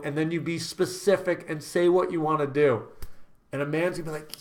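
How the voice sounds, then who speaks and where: A young man giving dating advice to camera, energetic and casual, breaking into sudden loud exclamations. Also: fairly high pitch, brisk. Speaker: dating coach. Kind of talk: direct-to-camera advice talk.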